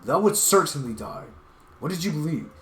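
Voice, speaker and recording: A man's voice: mid-range voice, a little fast, slight background noise, lightly acted. A man doing a furious scornful lecturer. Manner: loud, biting, scornful. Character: furious stern lecturer scolding a naive ally. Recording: roomy echo with game music.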